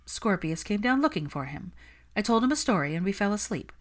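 A young witch healer, terse and on guard, a touch higher than the reader's own voice, as a woman reads her. Her replies come short and clipped, with lively rises in pitch. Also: brisk, close to an everyday voice. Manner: terse, defensive.

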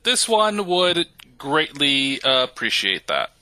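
A calm, courteous robot monk, played by a man at a tabletop game, speaks in slow, measured sentences and refers to itself in the third person. The voice is bright and crisp, recorded close and dry with no room sound. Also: fairly high pitch, no room sound, exaggerated voice. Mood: polite. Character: formal male robot monk, calm and polite.

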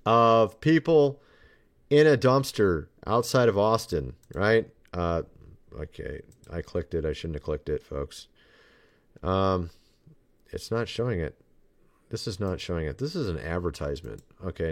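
A man's voice: low voice, very animated, unhurried. A man hosting his own podcast, talking in a loose, rambling way and turning sarcastic often. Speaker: podcast host. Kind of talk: casual commentary monologue.

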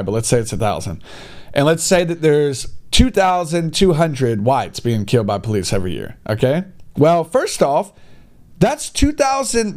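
A man with a high, lively voice that leaps up and down as he rants, blunt and a little crude, tripping over his own restarts as he pushes his point. He talks straight to his audience in a heated, argumentative monologue. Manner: heated, blunt, mildly profane, many restarts. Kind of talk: opinionated monologue.

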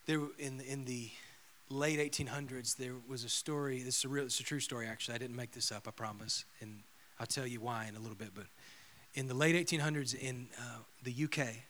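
A male pastor preaching a sermon, telling a story and swinging from loud proclamation to a hushed whisper. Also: mid-range voice, steady tone, brisk, a little hiss or hum.

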